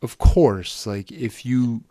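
A man's voice: medium pitch, slow pace, dark tone, no echo. Rambling man in a dry room. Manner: rambling, hedges with "like", insistent. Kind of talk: heated casual movie debate.

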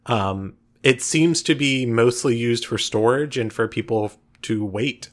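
A man narrating as game master of a tabletop game, relaxed and filling pauses with uh and um. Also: mid-range voice. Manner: relaxed, frequent uh and um fillers.

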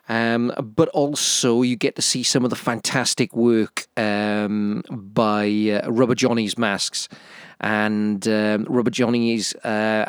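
A man's voice: mid-range voice, dry recording. Chatty male podcast host, dry close mic. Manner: chatty, eager, plugs his projects. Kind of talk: casual podcast interview.

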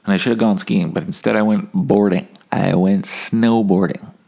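A man's voice: on the low side, steady tone, moderate pace, vocal fry, warm tone. A man telling a rambling, profane, self-mocking story in a casual monologue as a comedian hosting his own podcast.

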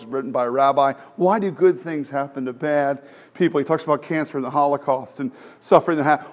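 Middle-aged male pastor, higher-pitched, animated sermon delivery with rhetorical questions.

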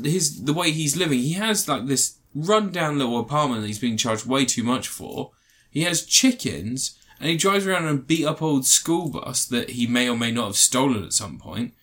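A man's voice: medium pitch, fairly bright tone. Rambling man in casual chat. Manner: rambling, hesitant, with many restarts and fillers. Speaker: podcast co-host reviewing a film.

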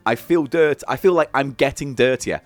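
A man's voice: mid-range voice, normal speed, no room sound, soft background music. A man co-hosting a comedy podcast, bossy and sarcastic as he needles his partner. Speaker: podcast co-host. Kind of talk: comic podcast banter.

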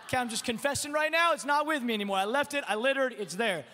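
In a sermon in a church auditorium, a pastor tells a personal story with self-deprecating humor, often repeating words as he restarts sentences. His voice is extremely high, quick, bright and forceful, with slight background noise and the long reverb of a large church hall.

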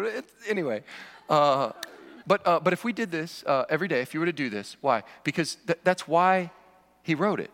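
Pastor, man, informal preacher who jokes with the room; sharp, bright tone. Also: on the high side, sing-song, a little fast. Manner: conversational preaching with joking asides. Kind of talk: sermon. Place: church sanctuary. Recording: long reverb of a large hall.

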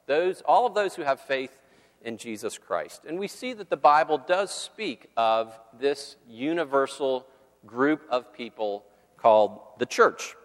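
A male campus minister giving a sermon with a measured, earnest delivery, reading scripture and praying. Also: medium pitch, fairly bright tone. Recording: long hall reverb.

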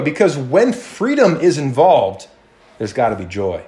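A male pastor preaching a sermon in an animated, conversational way, often restarting and acting out quotes. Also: fairly high pitch, measured pace.

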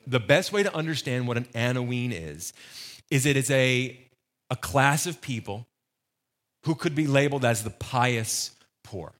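A man's voice: mid-range voice, a bit bright. A man preaching a sermon, conversational with joking asides. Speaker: pastor.

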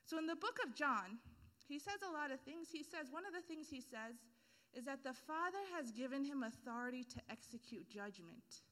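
A woman's voice: sits high, expressive, normal speed, bright, forceful tone. A woman preacher giving a casual, humorous sermon full of everyday analogies and slang.

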